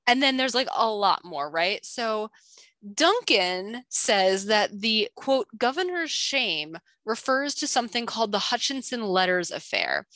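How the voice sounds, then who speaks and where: A woman co-hosting a podcast, chatting casually as she recaps a book with quick asides. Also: a little high, big pitch swings, sharp tone, no echo. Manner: chatty, quick asides, reads clues aloud. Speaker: podcast co-host.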